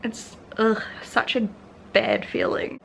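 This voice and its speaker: A woman's voice: on the high side, level tone, slow, gravelly, slight background noise. A young woman from New Zealand with a New Zealand accent, chatting casually and rambling in a tired way while vlogging at home. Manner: chatty, rambling, laughs often. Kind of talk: casual vlog chat. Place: home bedroom, indoors.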